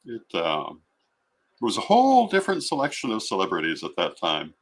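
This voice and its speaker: A middle-aged man telling stories in a reflective, relaxed chat. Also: sits low, normal speed. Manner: reflective, storytelling. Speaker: guest. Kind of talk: casual chat.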